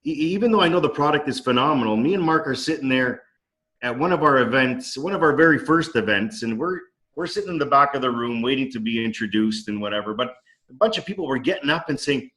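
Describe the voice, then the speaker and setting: A man's voice: mid-range voice, animated, fast, fairly bright tone, low-quality recording. A man in casual storytelling on a video call from his dining room, enthusiastic and acting out quoted dialogue. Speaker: company co-founder. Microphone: video call microphone.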